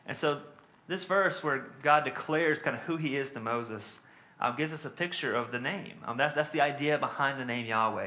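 A man's voice: mid-range voice, sharp tone. A man preaching a sermon in a conversational teaching manner, with frequent fillers and tag questions.

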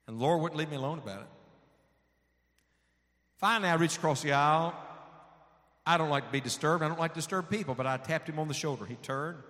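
A man's voice: fairly high pitch, a bit bright. A man preaching a sermon, telling a personal story in a folksy way and acting out the dialogue. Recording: long hall reverb.

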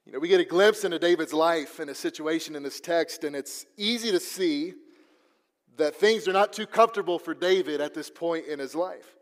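High-voiced preacher in a reverberant hall. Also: male voice, normal speed. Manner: storytelling preacher with repeated restarts. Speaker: pastor. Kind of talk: sermon. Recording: long reverb of a large hall.

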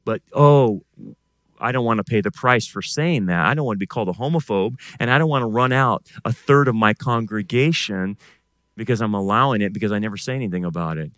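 A man, a pastor, preaching a sermon and swinging between loud emphatic bursts and quiet, intense passages. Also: fairly low pitch, a little fast, no echo.

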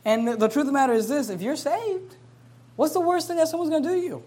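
Male preacher, high voice, casual delivery that swells into emphatic scripture readings. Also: fast, darkish tone. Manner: emphatic, conversational preaching with rising volume on scripture. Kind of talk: sermon.

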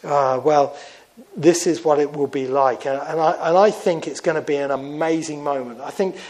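Preacher guy in a chapel, kinda high voice, gets loud and excited then drops real quiet. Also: moderate pace, rough recording. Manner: swings from fervent raised emphasis to hushed low tones. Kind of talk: sermon.

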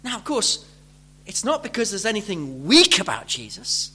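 A man preaching a sermon, building from gentle explanation to fervent, pleading emphasis. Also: sits high, wildly swooping pitch, moderate pace, breathy edge.

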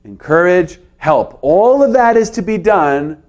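Male pastor preaching in earnest; fairly high voice with lively rises and drops. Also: measured pace, muffled recording. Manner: earnest preaching, pitch rising and falling for emphasis. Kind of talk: sermon.

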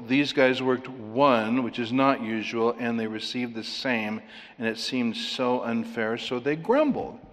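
A man teaching a Bible passage verse by verse, animated, acting out the characters with quick asides and chuckles. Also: medium pitch, long reverb tail. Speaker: preacher.

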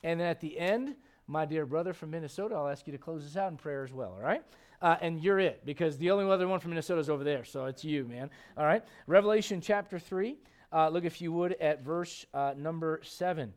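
A man preaching a sermon in a church, lively and questioning his congregation directly. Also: fairly high pitch, fairly quick. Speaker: pastor. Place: church sanctuary.

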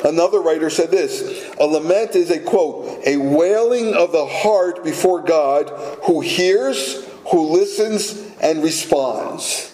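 A man preaching a sermon as pastor, deliberate and emphatic, repeating words for weight. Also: fairly high pitch, a little mellow, reverberant, rough recording.

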